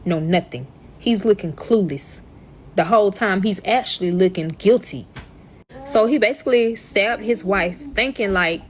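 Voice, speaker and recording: A young woman telling a dramatic storytime to her viewers in a casual, animated way, swearing often. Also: medium pitch, a little hiss or hum. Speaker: storyteller reacting to her own past.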